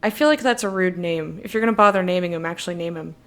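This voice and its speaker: A woman streamer chatting casually while playing a game, animated and swearing, laughing often. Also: lowish voice, fast talker. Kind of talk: casual let's-play chat.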